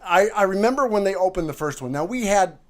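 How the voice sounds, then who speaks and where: A man's voice: high voice, expressive, quick pace. A man co-hosting a podcast in casual, comedic chat, rambling along with many fillers and jokes. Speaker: podcast co-host.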